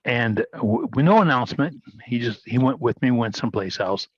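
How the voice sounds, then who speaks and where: A man's voice: mid-range voice, animated, moderate pace, husky, no room sound. Rambling man on a dry, dull video call. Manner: rambling storyteller with restarts. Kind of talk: casual video-call chat.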